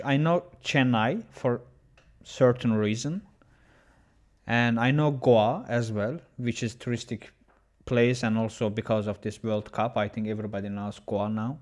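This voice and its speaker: Halting male chess streamer. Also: mid-range voice, a little mellow. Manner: halting, with many restarts, chatting with viewers. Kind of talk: casual livestream chat.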